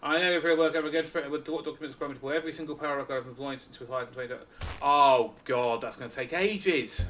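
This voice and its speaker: Brief: a male gamer host, muttering asides, bright tense voice, faint game music behind. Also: fairly high pitch, quick pace, far from the mic. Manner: muttering, self-deprecating asides. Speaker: gaming channel host. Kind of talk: casual let's-play commentary.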